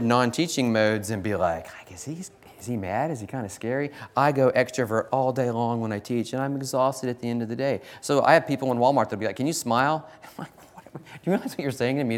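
A middle-aged man with a fairly low voice delivers a church talk about teaching, built on personal stories. He is animated and self-deprecating, laughs often, and slips into the voices of the people in his stories. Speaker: choir teacher speaking to a church audience. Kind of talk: sermon-style talk with anecdotes.

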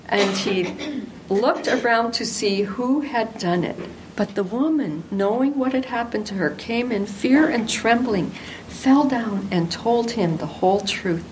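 A woman's voice: fairly high pitch, expressive, slow pace, a little hiss or hum, low-quality recording. An older woman teaching the Bible to women in an earnest, affectionate devotional talk.

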